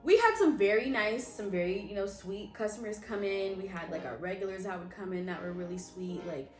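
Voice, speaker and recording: A young woman hosting a casual storytime chat, chatty with quick reactions and fillers. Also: mid-range voice, lively intonation, faint music behind. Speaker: host. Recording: echoey room.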